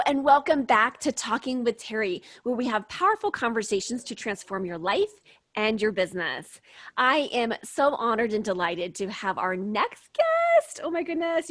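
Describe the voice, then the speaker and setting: A woman from Kansas hosts an interview show with gushing enthusiasm and frequent laughter. Her voice sits a bit high. The sound is dry and close, with no room around it. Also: a bit bright, dry recording. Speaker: podcast host. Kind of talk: upbeat interview.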